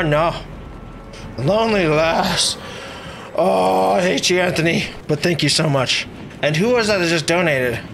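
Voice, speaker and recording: A man streaming a video game live, talking excitedly and mockingly at himself with his mouth stuffed with marshmallows. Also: fairly high pitch, slight background noise. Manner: muffled speech with marshmallows in mouth. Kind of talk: live gameplay commentary.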